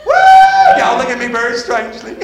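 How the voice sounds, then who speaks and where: An older man preaching a revival sermon in a church, folksy and shouting, calling for amens from the congregation. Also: sits high, lively intonation, a little fast, reverberant, very noisy. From American mountain South. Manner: folksy, shouting, call-and-response. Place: church sanctuary.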